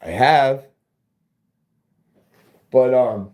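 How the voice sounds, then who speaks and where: A man's voice: mid-range voice, unhurried. A man hosting a casual livestream while working in a garage workshop, rambling and joking and swearing freely. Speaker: livestream host.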